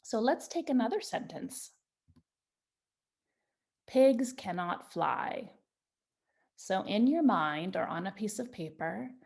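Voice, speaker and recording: Patient woman teaching young children. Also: on the low side. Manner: slow, patient and encouraging, stretching out example sentences. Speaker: Montessori teacher. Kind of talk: children's writing lesson.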